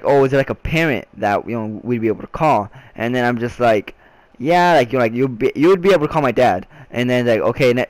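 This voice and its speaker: A man's voice: mid-range voice, no room sound. A young man vlogging a casual storytime, rambling with frequent restarts and filler words.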